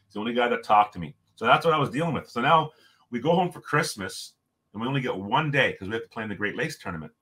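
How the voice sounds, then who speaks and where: Man, middle-aged, podcast guest, animated storyteller, mid-range voice, acts out quotes. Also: mid-range voice, fast. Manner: lively storyteller who acts out quoted dialogue. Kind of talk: storytelling in a casual interview.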